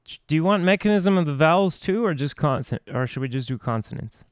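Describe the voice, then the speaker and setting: A man's voice: on the high side, expressive, fast talker, clean tone, no room sound, studio quality. A man hosting a casual video chat about singing, rambling and restarting his thoughts. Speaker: host.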